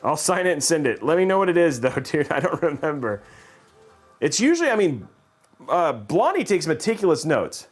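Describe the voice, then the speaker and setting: A man's voice: a little high, very animated, moderate pace, breathy edge, soft background music. A man hosting a livestream, chatting casually in a rambling, joking way and laughing often. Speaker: livestream host.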